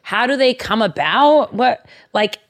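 A woman's voice: fairly high pitch, animated, measured pace. A woman hosting a podcast in casual chat, giggly and gushing, with many fillers, recorded in a studio. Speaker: podcast host. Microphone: studio microphone.

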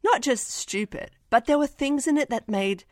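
A woman co-hosting a casual movie-review podcast, animated and swearing as she acts out quotes. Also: high-pitched, normal speed, no echo, studio quality. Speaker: podcast co-host.

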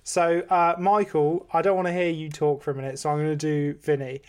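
A man's voice: a little high, flat delivery, brisk, a little mellow, clean tone. A man hosting a comedy podcast with an English accent, playful and giggly, leading a guessing game. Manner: playful, giggly, slips into impressions. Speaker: podcast host. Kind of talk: casual comedy chat with impressions.

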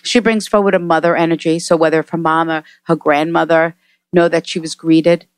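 A woman medium delivers a spirit reading with emphatic, animated energy. Her voice sits close and dry on a podcast mic, with no room sound around it. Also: sits low, brisk, clear, resonant tone, dry recording. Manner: emphatic and animated, repeating messages. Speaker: psychic medium.

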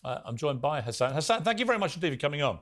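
A man's voice: a little high, big pitch swings, rapid-fire, fairly bright tone. A man with a British accent hosting a TV talk show, giving a pointed, indignant opinion monologue full of rhetorical questions, then questioning a guest.

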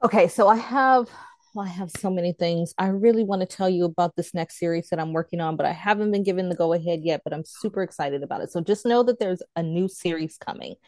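A woman guest in a casual online interview, chatty and animated as she tells stories and laughs. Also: fairly low pitch, quick pace, no echo. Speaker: guest, author and tarot teacher.

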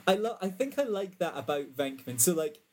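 A man's voice: high-pitched, big pitch swings, a little fast, a little mellow. A man in casual chat, often laughing as he retells film scenes.

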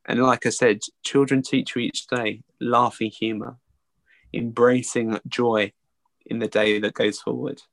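Earnest gravelly man, dry sound. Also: medium pitch, flat delivery, a bit bright, dry recording. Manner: earnest, halting, with many restarts. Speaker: early educator. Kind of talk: reflective interview answer.

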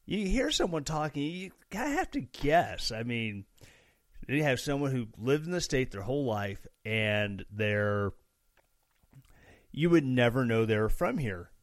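A man's voice: medium pitch, very animated, unhurried, no room sound, studio quality. A young man from Missouri hosting a casual solo podcast, rambling and joking with sarcastic asides. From Missouri, USA. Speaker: podcast host.

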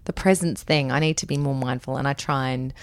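A woman's voice: extremely low pitch, fairly even intonation, fairly quick, no room sound. A woman in her thirties with an Australian accent, hosting a podcast and chatting casually about her kids with laughs and playful quoted voices. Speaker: podcast host. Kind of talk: casual chat.

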